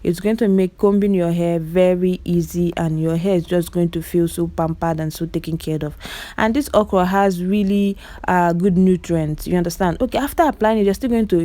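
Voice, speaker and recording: A woman's voice: on the low side, moderate pace, dark tone, dry recording. A woman with a Nigerian Igbo accent giving chatty voice-over commentary on clips, exclaiming often and talking straight to her viewers. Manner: repeats words for emphasis. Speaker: vlogger.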